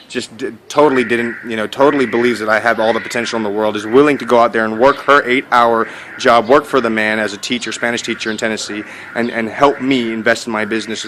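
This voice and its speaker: Guy rambling fast through his story, lots of restarts, kinda candid, at home with faint background hum. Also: medium pitch, fairly bright tone. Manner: rambling, candid, many false starts and repeated words. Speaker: online entrepreneur sharing his story. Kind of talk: casual personal storytelling. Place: at home in India, dog and kids nearby.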